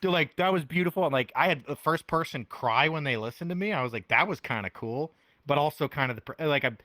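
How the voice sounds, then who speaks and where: A man's voice: on the high side, fast talker, pushed and bright, no echo. A man chatting as a podcast guest, rambling with lots of fillers and frequent laughter. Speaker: podcast guest, VR music performer. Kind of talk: casual chat.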